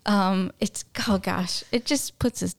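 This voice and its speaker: A woman's voice: medium pitch, unhurried, vocal fry. A woman co-hosting a casual podcast chat, talking with gushing enthusiasm and laughing often. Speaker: podcast co-host.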